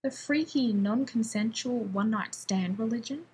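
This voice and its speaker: A woman's voice: on the high side, moderate pace, a little mellow, a little hiss or hum, lightly acted, poor audio. Woman voicing a prickly sarcastic scientist man. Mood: indignant. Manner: sarcastic, indignant retorts.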